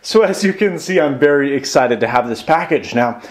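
A young man hosting a casual unboxing vlog, chatty and excited, rambling and correcting himself as he goes. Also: mid-range voice, normal speed, background noise. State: out of breath. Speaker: tech YouTuber.

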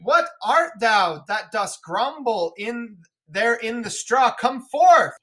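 A woman reading the part of an old king going mad, in slow, grand, anguished verse. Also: a little high, animated, a bit bright, voice pushed up. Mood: brooding. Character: old male king sliding into madness.

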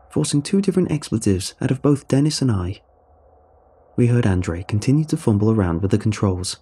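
Brief: man reading horror fiction, grave and measured, husky dark tone. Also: fairly low pitch. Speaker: horror story narrator. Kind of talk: scripted horror narration.

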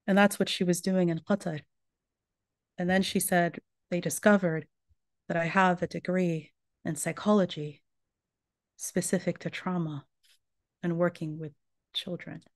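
A woman's voice: fairly low pitch, steady tone, a little slow, long pauses, no echo. A woman giving a religious lecture, earnestly retelling a survivor's story in her own words.

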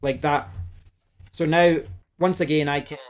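A man's voice: fairly high pitch, fairly even intonation, measured pace. Man explaining gear at his desk. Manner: talks while demonstrating gear, thinking aloud with restarts. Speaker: tech tutorial host. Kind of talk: casual demonstration tutorial. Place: home desk setup. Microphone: desk microphone, switching between mics.

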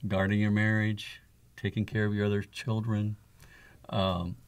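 A man's voice: on the low side, little pitch movement, measured pace, clear, resonant tone. A man speaking as an interview guest, an author and father sharing his experiences in an earnest, reflective way. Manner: earnest, reflective, with soft laughs. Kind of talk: conversational interview storytelling.

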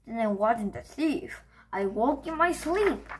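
A stern papa bear from a children's storybook, put on by a woman reader. He talks in an insistent, indignant way. The voice is fairly high and unhurried. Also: animated. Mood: relieved. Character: stern father bear, accused of theft.

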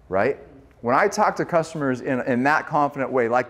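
A man giving a sales training talk to a group, energetic and acting out lines he would say at the door. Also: normal speed. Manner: energetic, acts out door pitches and yelling.

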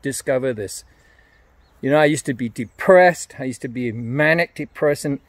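A man's voice: medium pitch, no room sound. An older man giving an earnest, emphatic evangelistic message to camera, often repeating his phrases.

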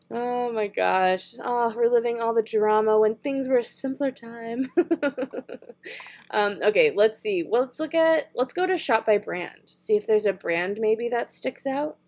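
Giggling often, a young beauty vlogger thinks aloud as she shops for makeup online in a casual chat. Her voice is on the high side, a little mellow, and unhurried.

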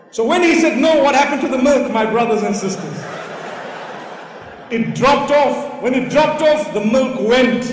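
A man preaching a sermon, telling a story with animated, rising emphasis, in a large lecture hall. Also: extremely high pitch, measured pace, far from the mic, a little hiss or hum. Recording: echoey hall with long reverb.

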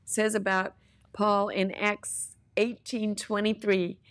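A woman's voice: mid-range voice, little pitch movement, slow. A woman minister preaching in a conversational way, telling testimony stories and weaving in scripture with earnest conviction.

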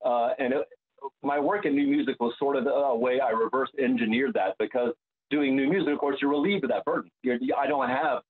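A man, an opera bass, talking reflectively in an interview and often restarting his sentences. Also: fairly quick. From United States. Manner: searching, restarts sentences, many fillers. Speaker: opera bass singer, guest. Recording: tinny phone-like line.

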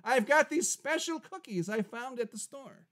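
A man's voice: very high-pitched, animated, normal speed, a bit bright. A man hosting a silly live comedy show, rambling and interrupting himself. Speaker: host.

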